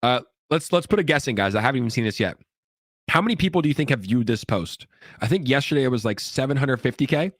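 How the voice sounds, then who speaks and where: A man's voice: mid-range voice, animated, fast talker, dry recording, clean studio sound. A man hosting a casual crypto livestream, upbeat and hyped as he reads viewer comments, sick and coughing now and then. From California.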